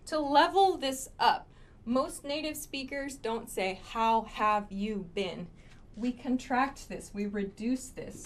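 Slow, clear woman English teacher. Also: a little high, slight background noise. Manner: slow, clear, repeats example phrases with modeled intonation. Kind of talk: online English lesson.

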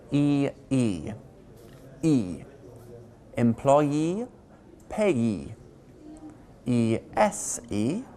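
A man presents a pronunciation lesson in a scripted, teacherly way. He speaks slowly and deliberately, spelling out endings letter by letter. His pitch moves a lot, which keeps the delivery animated. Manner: slow, deliberate, spelling out words.

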